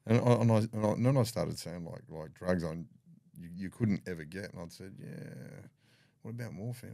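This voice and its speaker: A low-pitched, creaky, dark-toned voice belongs to an older Australian man sharing his story on a podcast at a moderate pace. Bluntly and with plenty of swearing, he acts out what people said. The studio sound is clean with no echo.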